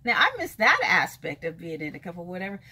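Woman vlogger, bright, husky voice, blunt and emphatic, repeats herself for effect. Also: on the low side, very animated, fast talker. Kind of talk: casual vlog monologue.

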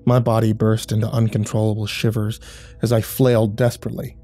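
Dark-voiced man narrating horror. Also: on the low side, little pitch movement, soft background music. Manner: grim, measured storytelling.

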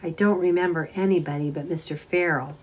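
Lady reader doing a shy sad young woman, soft and hesitant, kinda teary sounding. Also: low voice, steady tone, brisk, breathy edge. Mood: sad wistful. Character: sad young woman clerk, tearful and timid.

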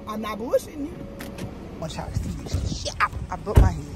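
A casual woman vlogging in her car, talking to herself and swearing freely in an animated way. Her voice sits mid-pitch for a woman. Engine and road noise hum clearly behind her. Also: brisk. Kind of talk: casual car vlog chat. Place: inside a car. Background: vehicle ambience.

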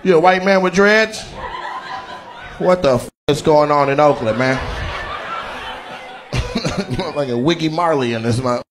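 Over music, a man with a fairly high voice speaks unhurriedly, leaving long pauses. He's a stand-up comedian doing profane crowd work, brashly teasing and roasting people in the audience at a comedy venue, where live laughter and cheering can be heard.

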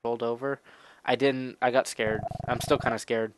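A man's voice: medium pitch, flat delivery, moderate pace, noisy background. A man giving casual, rambling let's play commentary, cursing at the game and easily startled. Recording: game music underneath.

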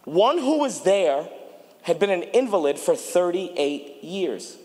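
A male pastor preaching a sermon, chatty with the congregation and rising into shouted appeals. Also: sits high, slow. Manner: animated preaching, building to shouts, banters with congregation. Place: church sanctuary. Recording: long reverb of a large church hall.

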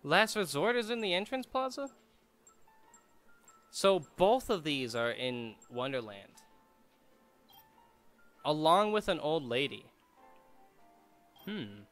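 A man's voice: fairly high pitch, sing-song, slow, long pauses, a bit bright, faint music behind. A man giving casual, joking let's-play commentary, chatty and laughing often. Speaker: gamer streamer.

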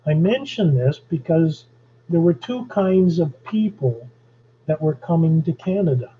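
Man giving a history lecture, kinda high voice, slow and deliberate. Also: expressive, narrow, tinny audio, a little hiss or hum. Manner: slow, deliberate, with pauses and fillers.

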